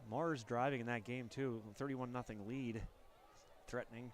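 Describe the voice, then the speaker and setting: A man's voice: mid-range voice, moderate pace. Nasal stuffy guy doing football play-by-play outdoors, faint crowd noise behind him. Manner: energetic play calls, rising on big plays. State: stuffy nose, sniffling. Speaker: play-by-play announcer. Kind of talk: high school football commentary.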